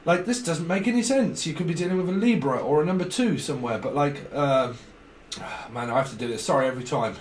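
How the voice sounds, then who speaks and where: A man's voice: mid-range voice, fast talker. A man giving a rambling tarot reading. He chats casually, swears now and then, and acts out little snippets of dialogue. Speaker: tarot reader. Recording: echoey room with faint background noise.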